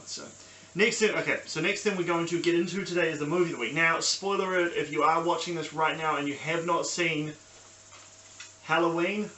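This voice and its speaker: A young New Zealand man rambles through a casual review, full of ums and restarts. His voice is bright and forward, and it bounces around a small echoey room with a faint hiss behind it. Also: a little high. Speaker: podcast host. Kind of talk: casual solo review vlog. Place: small sunny room at home.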